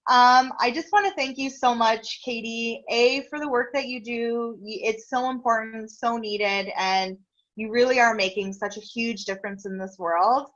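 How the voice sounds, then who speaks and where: A woman's voice: on the high side, steady tone, normal speed, fairly bright tone, muffled recording. A woman hosting a casual interview over a video call, earnest and grateful, talking openly and getting emotional. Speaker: interview host.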